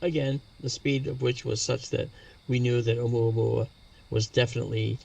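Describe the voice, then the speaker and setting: A man's voice: medium pitch, little pitch movement, moderate pace, vocal fry, a little mellow, distant mic. A man patiently explaining astronomy as a guest in an interview, spelling out terms as he goes.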